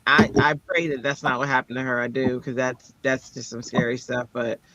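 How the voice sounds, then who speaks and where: A man telling a story in a casual chat on a crafting show, animated and dramatic, acting out the people he quotes. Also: medium pitch, normal speed, slight background noise. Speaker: co-host of a crafting livestream.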